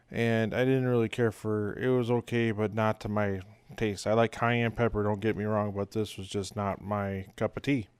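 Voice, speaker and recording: A man's voice: medium pitch, a little mellow, clear, resonant tone, dry recording. A middle-aged man casually talking through a home cooking video in a rambling, folksy way, recorded as a voice-over. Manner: rambling, folksy, with many uh fillers. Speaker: home cook.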